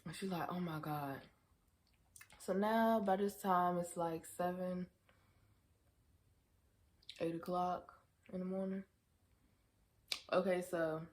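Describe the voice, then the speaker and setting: A young woman with a slightly low voice tells a casual storytime vlog. She is animated and profane, acting out the quotes of the people in her story. Her tone at times turns tearful. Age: young adult. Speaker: vlogger.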